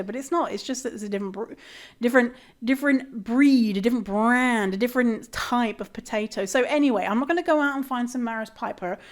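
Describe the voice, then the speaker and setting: A British woman hosting a podcast, talking in a casual, animated rant with swearing and mock outrage. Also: on the high side, fairly quick. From Britain. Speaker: podcast host. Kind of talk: casual ranting monologue.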